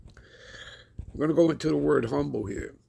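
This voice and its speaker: A man giving a scripture lesson with a deliberate, preacherly emphasis. He keeps checking in with his listeners. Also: fairly high pitch, gravelly, dark tone, slight background noise. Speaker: Bible teacher.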